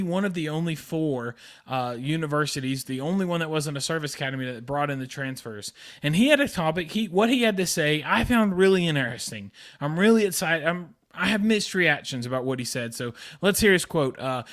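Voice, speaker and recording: A young man runs a sports podcast in casual chat. His voice sits a bit high for a man, and he hammers his points home with eager, repeated phrases. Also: a bit bright. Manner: enthusiastic, repetitive emphasis. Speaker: podcast host.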